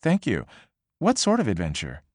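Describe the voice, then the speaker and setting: A man's voice: on the low side, normal speed, no echo, clean studio sound. A man doing a polished female newscaster-style program voice. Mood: politely inquisitive. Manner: polite, even, scripted questioning.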